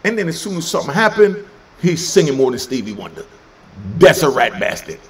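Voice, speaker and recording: A man's voice: a little high, big pitch swings, brisk. A middle-aged man telling prison stories in a casual, streetwise way, laughing as he goes. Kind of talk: casual storytelling monologue.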